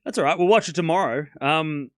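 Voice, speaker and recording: A man's voice: fairly high pitch, a little fast, no echo, studio quality. A man with a sore throat chatting casually to his live-stream audience while waiting out a rain delay. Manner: chatty, talks to chat, laughs often. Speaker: tennis watchalong streamer.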